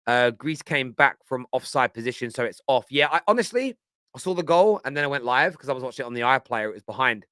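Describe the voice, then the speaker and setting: A man's voice: mid-range voice, animated, fast talker, pushed and bright, clean tone, dry recording, clean studio sound. A man hosting a live football reaction stream, chatting enthusiastically and reading out viewer comments. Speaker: football show host.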